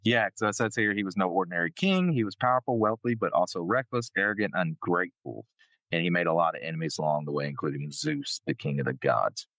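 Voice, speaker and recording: A man's voice: low-pitched, fast talker, a bit bright, no echo. A man with a country accent hosting a podcast, easygoing and laid-back. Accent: American country. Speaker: podcast host. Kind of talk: casual chat.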